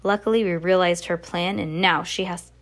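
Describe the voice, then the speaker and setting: A woman's voice: lowish voice, fairly even intonation, normal speed, lightly acted. A woman voicing a fussy male banker who speaks formally in a storybook reading.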